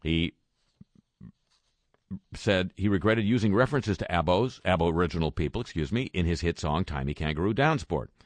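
A man's voice: low-pitched, expressive, moderate pace, dry recording. A man reading a news roundup with dry, sarcastic asides between quoted statements. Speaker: radio news commentator. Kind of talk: wry spoken news roundup.

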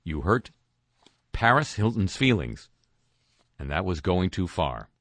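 A man's voice: deep voice, sing-song, takes it slowly, fairly bright tone, no echo. A man hosting talk radio, reading news items with sarcastic, wry asides. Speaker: radio host.

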